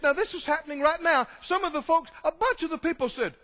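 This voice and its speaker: High-voiced preacher in an echoing hall. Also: male voice, fast talker. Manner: emphatic, calls out to the congregation, swings from hushed to shouting. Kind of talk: sermon. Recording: long hall reverb.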